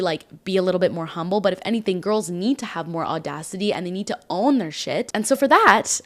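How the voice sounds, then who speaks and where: A young woman hosting her own podcast, talking casually and encouragingly with lots of filler words. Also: fairly low pitch. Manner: chatty and encouraging, many "like" fillers. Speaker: podcast host. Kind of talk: casual solo podcast monologue.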